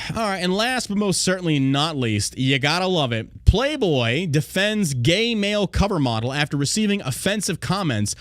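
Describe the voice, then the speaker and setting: A man's voice: on the high side, no echo, studio quality. A man hosting a casual political podcast, ranting with profanity and sarcasm, mocking others in put-on quoting voices. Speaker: podcast host.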